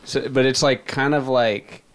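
Blunt, smooth-voiced man. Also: mid-range voice, fairly even intonation, unhurried. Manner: blunt, profane, laid-back. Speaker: tattoo artist, guest. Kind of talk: casual podcast chat.

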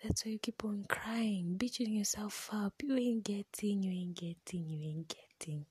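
A woman's voice: medium pitch, normal speed, darkish tone, husky, no room sound. A young woman with a Kenyan accent telling a personal story in a mostly whispered voice, mixing English with Swahili slang.

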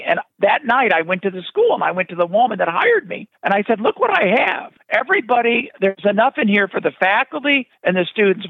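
Animated high-voiced man on a tinny line. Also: vocal fry, no echo. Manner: animated, acts out voices in his anecdotes. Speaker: film director telling his story. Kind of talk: storytelling interview. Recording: tinny phone-like dry sound.

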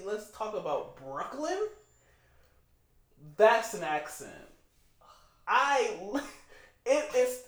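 Animated, swearing podcast co-host. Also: mid-range voice, roomy sound. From Michigan. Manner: profane, opinionated, animated. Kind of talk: casual chat.

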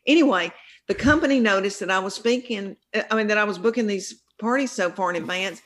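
A woman's voice: mid-range voice, a little fast. A middle-aged woman with a thick Southern accent tells stories in a casual interview. She rambles in a folksy way and often cuts herself off to start again. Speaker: comedian guest.

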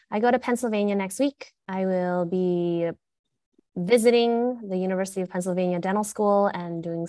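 A woman in her thirties chatting casually as a podcast co-host, animated and giggly, often trailing off mid-sentence. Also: mid-range voice, dry recording. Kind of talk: casual chat.

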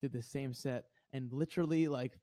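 A young comedian from New Jersey talks casually about his early gigs, restarting his sentences and repeating words. His voice sits at a middle pitch. The recording is close and dry. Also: fairly even intonation, dark tone, no room sound. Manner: halting, repeats words when starting a thought. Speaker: guest comedian. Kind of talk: casual chat.

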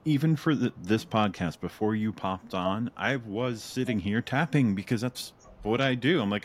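A man hosting a podcast in casual conversation, chatty and quick to laugh, acting out his own thoughts in little asides. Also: fairly low pitch. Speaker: podcast host. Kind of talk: casual interview chat.

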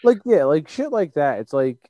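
Male podcast co-host, higher voice, swings in pitch, casual profane chat. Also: sing-song, normal speed, mellow, no room sound, highs cut off. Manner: emphatic, profane, many "like" fillers.

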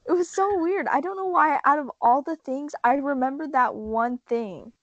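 A woman's voice: sits high, moderate pace, fairly bright tone, no echo. A young woman chatting casually, laughing often, swearing and filling her talk with "like". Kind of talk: casual chat. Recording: dull, lo-fi sound.

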